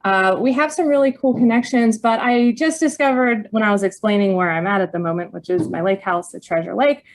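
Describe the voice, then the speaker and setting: A woman from Pittsburgh, USA, hosts a talk show in a casual chat interview, laughing easily. Her voice is medium in pitch and brisk.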